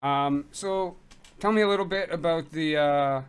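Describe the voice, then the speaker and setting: A man's voice: fairly high pitch, a little slow, smooth. A man hosting a casual podcast chat, laid-back, mostly giving short agreeing replies. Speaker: podcast host.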